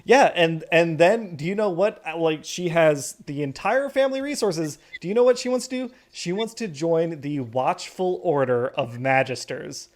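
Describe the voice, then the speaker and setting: Gossipy high-society mom, shrill and loud, done by a man. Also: unhurried, lightly acted. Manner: gushing, chatty, high-pitched and loud. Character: fussy doting upper-class mother, middle-aged woman.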